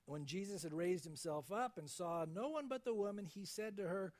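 A man's voice: sits high, normal speed, hardly any pauses, darkish tone. A man preaching a conversational sermon as a pastor, often acting out the voices he quotes.

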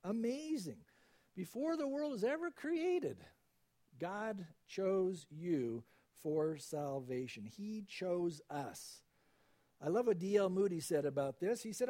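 Man, pastor, preaching a sermon, high voice, mellow tone, slows for emphasis. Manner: animated preaching, quoting scripture, slows for emphasis.

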